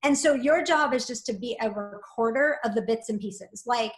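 A woman guest talking in a flowing, gently encouraging way, often adding "like" and "right?". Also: fairly high pitch, normal speed, roomy sound. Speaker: guest, spiritual coach. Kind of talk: reflective conversational interview.

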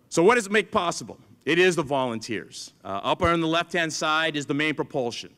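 A middle-aged man gives an animated talk to an audience with a fairly high voice. He tells stories and acts out the lines of the people in them. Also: a little fast, few pauses. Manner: storytelling, acts out dialogue with others. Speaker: museum chief engineer giving a talk.

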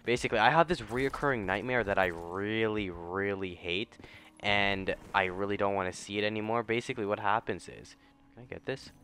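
A man's voice: fairly low pitch, a little fast, fairly bright tone, slight background noise. A young man giving casual, rambling commentary over his gameplay, with bursts of profane trash talk. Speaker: gaming YouTuber and streamer.

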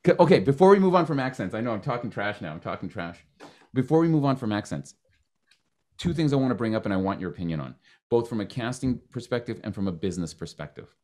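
A man from Canada hosting a podcast, talking in an animated, joking way with quick restarts. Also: lowish voice. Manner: animated, talks fast with restarts and jokes. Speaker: podcast host. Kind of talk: casual interview chat.

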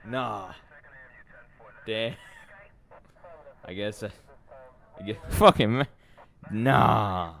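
A man streaming a game live, excitable and easily flustered, with plenty of swearing, close on a desk mic at home. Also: mid-range voice, vocal fry. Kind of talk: live-stream gaming commentary.

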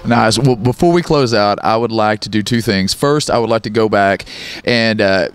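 A man hosting an interview, briskly steering the talk and asking the guest questions. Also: on the low side, clear, resonant tone. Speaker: interview host.

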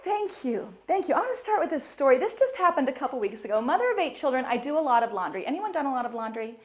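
A middle-aged woman giving a lively inspirational talk to an audience, laughing and quizzing them as she goes. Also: high voice, rapid-fire. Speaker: speaker at a women's conference.

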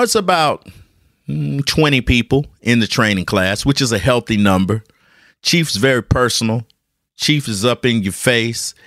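Animated man telling a story. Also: fairly low pitch, dry recording, studio quality. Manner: animated, jokey, repeats words, talks to listeners. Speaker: podcast host. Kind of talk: casual storytelling monologue. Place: hot room at home with a ceiling fan.

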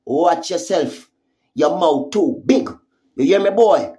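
A woman's voice: on the low side, expressive, slow pace, warm tone. Heated Jamaican woman ranting. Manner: heated, profane, confrontational, repeats taunting questions. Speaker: social media commentator. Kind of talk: angry vlog rant.

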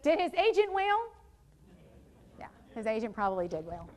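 A woman presenting a literacy workshop to teachers, lively and quizzing her live audience with questions. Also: a little high, moderate pace. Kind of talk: interactive teacher training workshop. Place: training room with live audience.

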